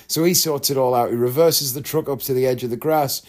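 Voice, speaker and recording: A man's voice: medium pitch, steady tone, brisk. A man in a casual vlog, telling a long story frankly and chattily, rambling with asides and acting out what other people said. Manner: chatty, candid, rambling with asides and quoted voices. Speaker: vlogger.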